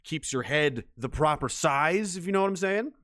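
A man's voice: fairly high pitch, animated, moderate pace, fairly bright tone, dry recording, clean studio sound. A man from Western Canada, hosting a livestream and reading viewer messages in a crude, profane, joking way. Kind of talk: casual livestream chat.

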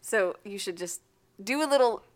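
A woman's voice: mid-range voice, expressive, moderate pace. A woman co-hosting a podcast, chatting casually and gushing about a story she loves. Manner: gushing, enthusiastic. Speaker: podcast co-host. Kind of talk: casual chat.

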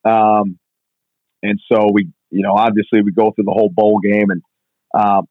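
A strength coach being interviewed, telling stories in a fast, casual way full of "like". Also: male voice, lowish voice, level tone, no echo. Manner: fast, filler-heavy, constant "like". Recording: tinny phone-like line, dry.

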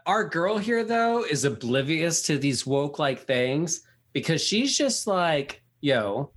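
A woman's voice: deep voice, big pitch swings, a little slow. A woman co-hosting a casual podcast, tipsy and giggling as she rambles through a manga recap. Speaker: podcast co-host. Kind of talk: casual chat reading a manga aloud.

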